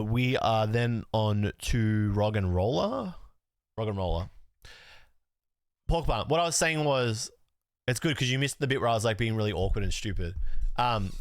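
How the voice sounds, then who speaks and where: A man's voice: on the low side, dry recording, studio quality. A young man streaming from home, chatting casually with lots of fillers, swearing and rambling as he sorts his cards. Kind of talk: casual live-stream chat.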